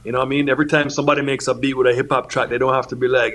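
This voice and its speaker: A man from Jamaica talks through his answers in an easygoing, loose way. His voice sits at an ordinary middle pitch, and he keeps checking in with "you know what I mean" as he goes. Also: flat delivery, racing, few pauses, a bit bright. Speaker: music producer guest. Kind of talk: casual interview answers.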